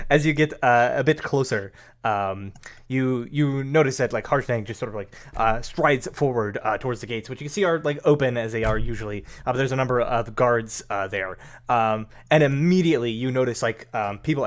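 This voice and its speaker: Male game master, mid pitch, rambling and hesitant narration. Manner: hesitant, heavy with fillers.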